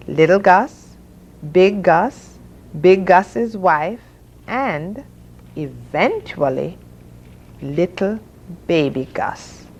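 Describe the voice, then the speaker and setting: A woman hosting a children's story hour, reading picture books aloud with expressive sound effects for the animals. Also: fairly low pitch, highs cut off, slight background noise. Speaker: children's story reader and host.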